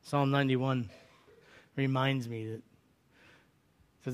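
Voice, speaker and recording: A man preaching a conversational sermon as a pastor, swinging from loud, dramatic cries to hushed, low lines. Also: moderate pace, pauses often. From United States.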